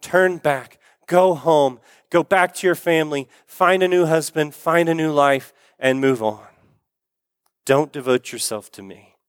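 A man's voice: a little high, unhurried, smooth, dry recording, clean studio sound, lightly acted. A man voicing a grieving old widow who pleads that she is too old and has no future. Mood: pleading. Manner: pleading, repetitive.

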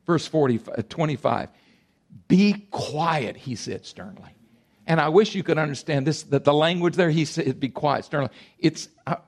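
Older guy preaching, gravelly voice, pretty high for a man, all over the place emphatic. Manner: animated, emphatic, swings between loud bursts and quiet asides. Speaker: pastor. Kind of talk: sermon.

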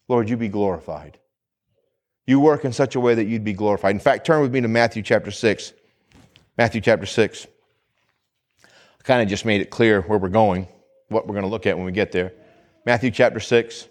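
A man, a pastor, giving a conversational sermon that repeats phrases and asks the congregation questions. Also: mid-range voice.

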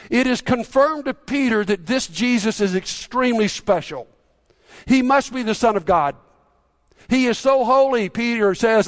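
A middle-aged pastor with a notably high voice delivers a sermon, retelling a story in a chatty, storytelling way. He often stumbles and restarts his sentences and tosses questions out to the congregation. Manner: conversational storytelling with repeated restarts and audience questions.

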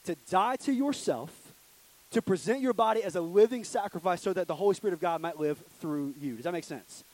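Young guy preaching to teens, casual and jokey, kinda high voice. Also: fairly quick, poor audio. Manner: animated, joking, acts out voices. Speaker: youth pastor. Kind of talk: casual youth sermon. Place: church room with audience.

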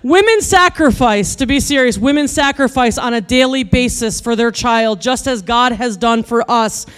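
A woman preaching with a funny personal story, animated and building to loud exasperated rants. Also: on the high side, normal speed, clear, resonant tone. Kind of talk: humorous sermon storytelling.

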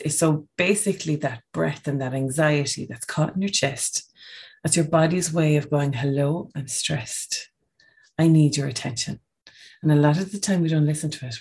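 A woman's voice: low voice, a little mellow, slightly rough. A woman giving a casual, coaching podcast talk on breathing, often checking in with "okay?".

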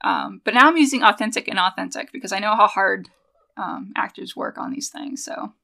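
Bright-voiced animated woman podcast host. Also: mid-range voice, a little fast, gravelly. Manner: animated, laughs often, trails off and restarts. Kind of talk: casual chat.

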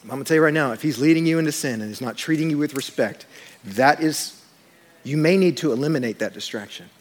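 A man preaching a sermon to a congregation in church, mixing scripture with funny personal stories and asides. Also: on the high side. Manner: storytelling with humor, animated asides to congregation. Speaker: pastor.

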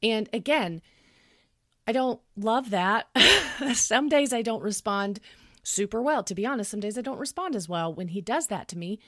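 A woman in her thirties talking in a podcast, explaining calmly and earnestly and acting out what she would say to her child. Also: a little high, moderate pace, dry recording, clean studio sound. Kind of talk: conversational podcast talk.

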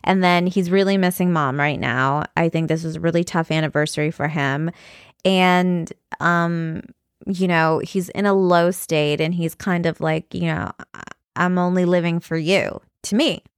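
A woman's voice: fairly low pitch, fairly even intonation, moderate pace, clean tone, dry recording, studio quality. A young woman talking candidly in a personal vlog, rambling with fillers and restarts. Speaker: vlogger.

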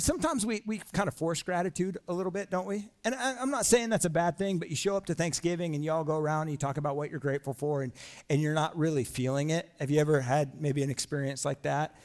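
A male pastor preaching a sermon in a church, casual and animated, full of slang and rhetorical questions. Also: fairly high pitch. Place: church sanctuary.

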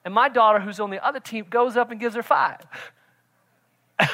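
High bright pastor guy preaching hard, shouts then goes quiet, keeps saying right?. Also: moderate pace. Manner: emphatic, repeats "right?" to the congregation; swings from loud shouting to quiet intensity. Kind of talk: sermon.

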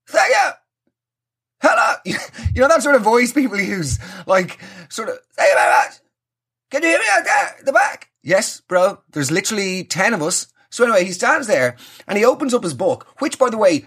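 A man's voice: on the high side, fairly bright tone, slightly rough. A young Irish man telling a comic story with sweary, exasperated ranting. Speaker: comedian.

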